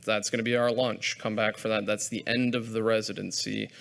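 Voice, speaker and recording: A man's voice: lowish voice, flat delivery, a little fast, vocal fry, a bit bright. A man hosting a live lecture event, making chatty, self-deprecating announcements to an audience in a hall. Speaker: event host and program organizer.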